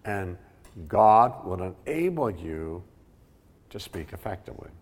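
A man's voice: lowish voice, big pitch swings, measured pace, slightly rough. A man preaching a sermon emphatically, repeating key words for weight, recorded with the long reverb of a large hall. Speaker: pastor.

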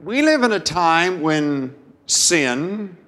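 Male pastor, slightly high voice, unhurried sermon delivery with dramatic pauses. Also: sing-song, a bit bright, big-room sound. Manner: slow, deliberate preaching with dramatic pauses.

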